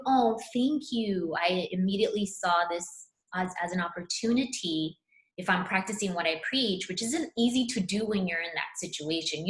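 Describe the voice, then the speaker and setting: A woman speaking as a spiritual counselor, telling a personal story in an earnest, animated way. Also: medium pitch, reverberant. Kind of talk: casual conversation.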